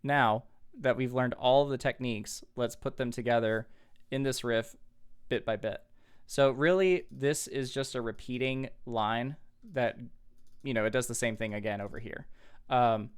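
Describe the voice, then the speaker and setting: A man's voice: mid-range voice, fairly even intonation, a little slow. A man teaching a guitar riff step by step, patiently explaining and counting along. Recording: guitar music over the voice. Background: guitar playing.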